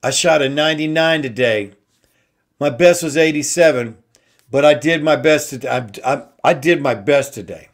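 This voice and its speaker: A man hosting an inspirational talk show, slowly repeating simple phrases with emphasis. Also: fairly high pitch. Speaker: host.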